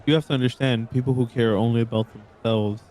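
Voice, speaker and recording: A man playing a calm, persuasive male bard, the son of a demon lord, in a near-everyday voice. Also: medium pitch, quick pace, lightly acted. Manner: calm, persuasive, self-assured.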